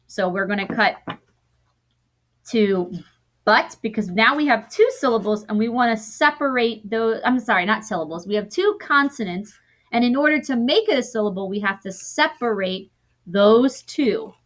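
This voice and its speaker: A woman teaching a recorded lesson to young students, sounding out word parts slowly and often correcting herself as she goes. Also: a little high, animated, a bit bright.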